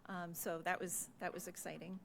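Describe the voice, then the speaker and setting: A woman administrator, hoarse and losing her voice, gives a measured, earnest report at a public meeting with frequent "uh" and "um" fillers, into a desk microphone in a meeting room. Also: fairly low pitch, little pitch movement, fairly bright tone, a little hiss or hum. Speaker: school district administrator presenting a report.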